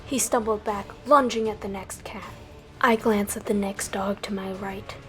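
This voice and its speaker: A woman narrating a dramatic animal battle story, with animated delivery that bursts out on the quoted lines. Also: mid-range voice, moderate pace. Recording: music faintly behind.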